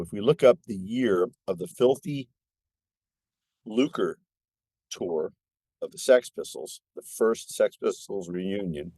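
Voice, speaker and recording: A man in his sixties, a filmmaker guest on a podcast, telling stories in an animated, excitable way. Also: lowish voice, no room sound, studio quality. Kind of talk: casual podcast chat.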